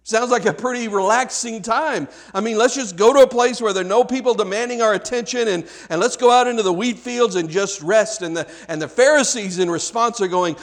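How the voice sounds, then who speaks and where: A pastor delivering a sermon in a high-pitched male voice. He preaches conversationally, stumbling and restarting often, and turns to question the congregation directly. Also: fairly quick, few pauses.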